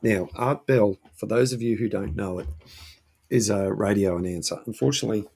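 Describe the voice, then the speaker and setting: Gravelly, husky man chatting casually. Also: on the low side, a little fast, darkish tone. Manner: hesitant, lots of ums and restarts. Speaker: host. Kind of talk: casual live-stream chat. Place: home shed.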